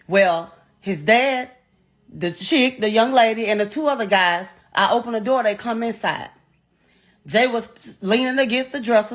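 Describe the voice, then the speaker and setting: A middle-aged woman, bluntly and emotionally retelling a painful story as a bereaved mother, swearing often and repeating herself. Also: mid-range voice. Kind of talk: raw first-person storytelling.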